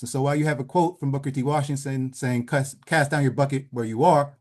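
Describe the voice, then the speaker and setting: A man giving a measured lecture over slides in an online session, trailing off softly at the ends of phrases. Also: mid-range voice. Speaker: presenter leading an online session. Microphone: video call.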